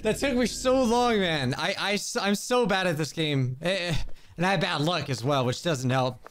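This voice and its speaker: A high-pitched man voicing his let's play commentary in a lively, swooping voice. He is excitable and jokey, throwing in exclamations as he plays. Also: moderate pace, soft background music. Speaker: gaming video creator.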